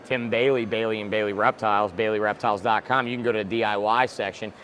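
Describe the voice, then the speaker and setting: Man, reptile breeder guest, blunt, profane, excitable, casual chat, faint outdoor noise. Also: lowish voice, quick pace.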